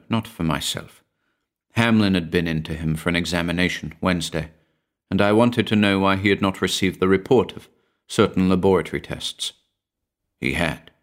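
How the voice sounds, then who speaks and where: A cold, ghostly young woman with a hushed, subdued voice, as a male narrator reads her. Her lines come low and soft in a storybook reading. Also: close to an everyday voice.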